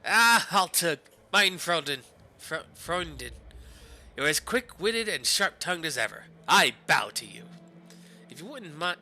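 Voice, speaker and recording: A man voicing a jolly, heavyset man with a hearty, slow, grand way of talking. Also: a little high, very animated, pushed and bright, faint music behind, full character voice. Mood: jovial. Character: jolly heavyset German man, jowly and amused.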